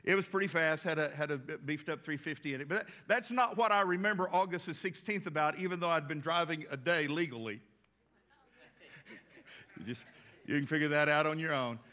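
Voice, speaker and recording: Bright-voiced pastor in his sixties. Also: fairly high pitch, brisk. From West Texas. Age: 60s. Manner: folksy, animated, acts out voices in anecdotes. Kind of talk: storytelling sermon.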